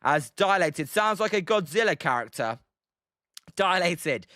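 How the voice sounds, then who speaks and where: A man's voice: high-pitched, a little slow, pushed and bright, clear, resonant tone, dry recording, clean studio sound. A young British man giving casual play-by-play of a baseball game on a livestream, rambling with frequent ums and answering chat by name.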